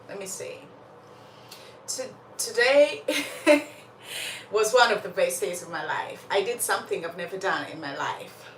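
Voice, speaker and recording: This livestream host, a young Ugandan woman, talks casually with her viewers in an animated, medium-pitched voice, keeping a measured pace and pausing often. She laughs frequently and coughs slightly, as if a little under the weather. Being far from the mic gives a roomy sound with faint background noise.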